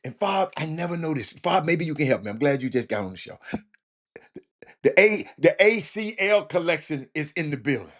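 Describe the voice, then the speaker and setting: A man hosting a casual talk show, rambling and stammering through comments with loud exclamations. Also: a little high, very animated, normal speed.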